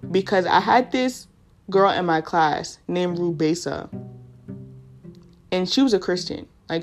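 A young woman telling her personal faith story on a podcast in casual, excitable speech full of fillers. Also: mid-range voice. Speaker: podcast host.

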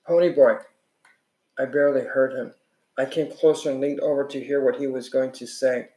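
A man's voice: mid-range voice, flat delivery, a little fast, a little mellow. A man reading a novel aloud in an earnest way, sometimes restarting a phrase. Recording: echoey room.

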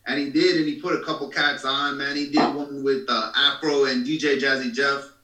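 Bright-voiced man rambling on a podcast. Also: mid-range voice, flat delivery, normal speed. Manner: filler-heavy, repeats "you know what I mean". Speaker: podcast co-host, songwriter. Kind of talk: casual chat. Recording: roomy, distant mic.

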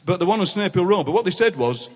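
Telling comic stories at a quick clip, a Yorkshireman in his 60s serves as guest poet in a live interview, laughing and putting on voices in his animated anecdotes. His voice is fairly high. The big city hall, with its live audience, lends plenty of reverb.

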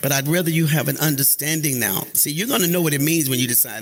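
Lively preaching pastor. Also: male voice, a little high, fast, few pauses. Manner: lively preaching that climbs to shouts, calls on the congregation. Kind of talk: sermon. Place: church sanctuary.

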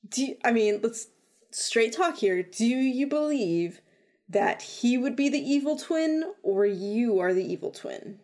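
A woman's voice: on the high side, animated, unhurried, a little mellow. A woman co-hosting a casual podcast, trading teasing banter with a light, wry manner. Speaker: podcast co-host. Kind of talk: casual chat.

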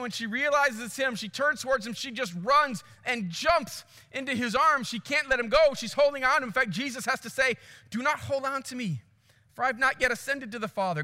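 A man preaching a sermon, telling a story with animated swings from hushed to loud before reading scripture. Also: very high voice, long reverb tail. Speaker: pastor.

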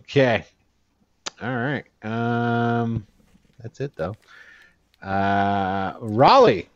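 A man narrating as game master in an online tabletop game, halting and full of fillers and chuckles. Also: mid-range voice, lively intonation, dull audio, slight background noise.

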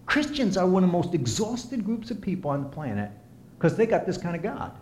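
A man preaching a sermon and counseling as he talks, impassioned, swinging from soft to emphatic. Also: high-pitched, sing-song, fairly quick. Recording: echoey room.

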